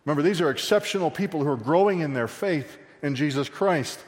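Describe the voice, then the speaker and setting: A man preaching a verse-by-verse sermon in a church sanctuary, his voice carrying a long hall reverb. He talks with the congregation more than at them, with jokes and quick asides. Loud, emphatic stretches alternate with softer, quieter ones. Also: fairly high pitch, animated. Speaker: pastor. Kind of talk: expository sermon.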